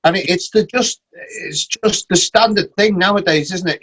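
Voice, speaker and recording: Casting: English host, high husky voice, musing chat with tag questions. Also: male voice, moderate pace, fairly bright tone, rough recording. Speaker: podcast host. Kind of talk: casual chat.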